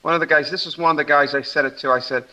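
A man calling in to a group, talking haltingly and loudly, reading out a message he sent. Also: on the high side, steady tone. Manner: halting, loud, reads a message aloud. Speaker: group member on a call. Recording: distant, dull phone-call audio.

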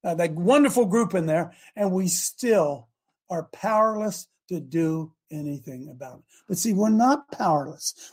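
Male talk-radio host, fiery and repetitive, high voice. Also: expressive, normal speed. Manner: impassioned, repetitive, shouting at times. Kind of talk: fiery call-in talk show rant. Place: studio in Ohio.

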